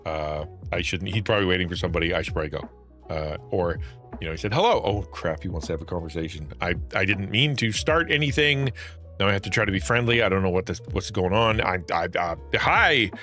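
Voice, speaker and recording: Man, streamer, casual talk, acts out worried thoughts, laughs, bright tense tone, soft music underneath. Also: fairly low pitch. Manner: animated, acts out anxious inner thoughts, laughs often. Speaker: streamer and Christian content creator.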